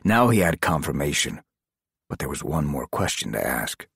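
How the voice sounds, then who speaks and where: Male thriller narrator: husky, expressive, animated delivery. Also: a bass voice, moderate pace, no room sound, clean studio sound. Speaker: audiobook narrator. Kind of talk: scripted narration.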